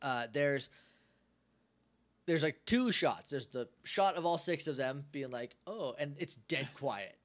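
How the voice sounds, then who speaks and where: Animated podcast guy, somewhat high voice. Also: measured pace. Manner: animated, acts out characters' lines. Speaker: podcast co-host. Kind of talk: casual chat recapping a TV episode.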